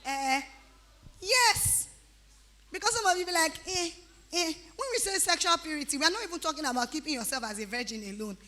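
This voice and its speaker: A woman in her thirties with a Nigerian accent, speaking to teenagers at a youth retreat in a lively, teasing way. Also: high-pitched, fairly quick. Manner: animated, teasing, breaks into pidgin-flavored asides.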